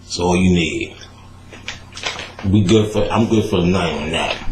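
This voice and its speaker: A man hosting a podcast, telling a story in a casual, animated way, laughing and swearing often. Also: low voice, unhurried. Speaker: podcast host. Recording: roomy echo with faint noise.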